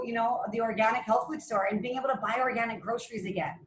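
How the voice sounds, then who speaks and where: A woman's voice: a little high, a little hiss or hum. Chatty woman leading a team call, echoey. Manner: warm praise, chatty with fillers. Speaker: call leader.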